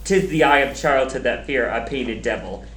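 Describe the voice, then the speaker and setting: A young actor playing a ruthless, scheming noblewoman who commands forcefully in a school stage play. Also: medium pitch, normal speed, lightly acted. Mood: scornful. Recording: echoey, noisy stage recording.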